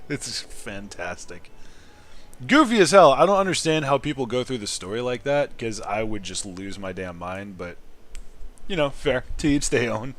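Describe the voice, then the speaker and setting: A man streaming a game, chatting casually with viewers, excitable, laughing often and swearing now and then. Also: medium pitch, unhurried, pauses often. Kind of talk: casual live-stream commentary.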